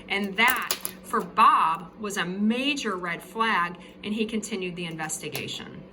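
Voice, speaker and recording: A chatty woman teacher walks through a casual video lesson, joking about her drawings and checking in with "okay?". Her voice is bright, with faint background noise. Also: mid-range voice, a little slow, hardly any pauses, low-quality recording.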